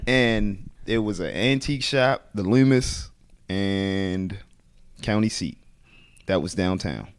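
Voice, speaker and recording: Animated male coach telling stories. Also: lowish voice. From Baltimore. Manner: animated storyteller, acts out quoted voices. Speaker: head wrestling coach. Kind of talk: storytelling in a podcast interview.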